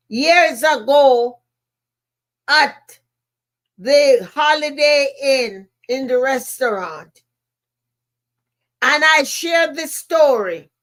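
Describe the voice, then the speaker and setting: A woman's voice: high-pitched, fairly bright tone. A woman with a Jamaican accent, a podcast host and motivational speaker telling a personal story in an emphatic way, repeating key phrases.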